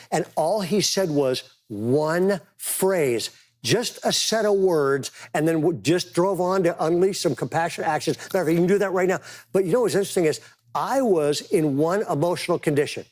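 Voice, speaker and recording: A man's voice: on the high side, animated, normal speed, a little mellow. A man preaching a conversational sermon as pastor, telling stories with casual, emphatic asides.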